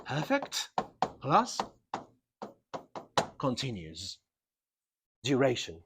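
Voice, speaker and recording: A man leads a classroom grammar lesson, his pitch climbing and dropping with lively emphasis. He drills key words over and over and keeps checking on the class with a quick "yeah?" His voice sits at a middling pitch. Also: very noisy. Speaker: English teacher.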